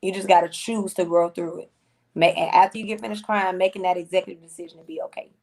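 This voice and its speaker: A woman's voice: lowish voice, level tone, fast talker, creaky, darkish tone. A woman musician as a podcast guest, talking casually and earnestly, repeating phrases and using slang. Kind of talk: casual interview talk.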